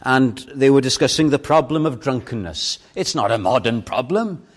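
A man preaching a sermon as pastor, acting out a story with big swings from loud, impassioned calls to quiet, intimate pleas. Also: animated, normal speed. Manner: dramatic, swings from booming to hushed.

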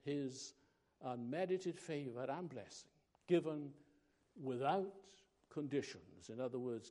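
Man preaching real slow, dark mellow voice, leans hard on each phrase. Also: medium pitch. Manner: slow and emphatic, pausing between phrases. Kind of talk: sermon.

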